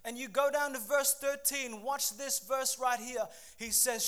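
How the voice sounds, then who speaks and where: Pastor, male, very high voice, lively preaching style, acts out the people he quotes. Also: unhurried. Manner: animated preaching, acts out the speakers he quotes, calls out to the congregation. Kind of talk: sermon.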